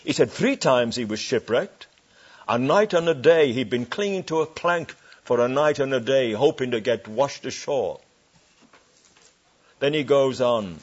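A man preaching a sermon to a church congregation. He is emphatic, slows down to stress scripture phrases, and asks the congregation rhetorical questions. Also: medium pitch, animated, husky. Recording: dull lo-fi sermon recording.

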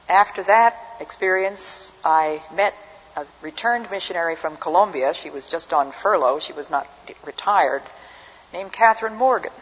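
A woman's voice: low voice, husky. An older woman giving an earnest, reflective personal testimony as a speaker. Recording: dull recording with long hall reverb.

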